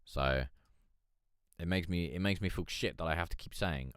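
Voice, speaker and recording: A man hosting a casual live stream with a flat, droll Eeyore-like voice, chatting, swearing and reading out the chat. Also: deep voice, a little fast, clear, resonant tone, no room sound, clean studio sound. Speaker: livestream host.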